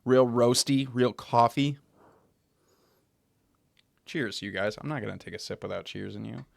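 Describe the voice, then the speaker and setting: A man's voice: medium pitch, a little slow, creaky, no room sound. A young American man hosting a beer tasting live stream from home, chatting loosely with his viewers, swearing casually and trailing off mid-sentence. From United States. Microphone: desk microphone.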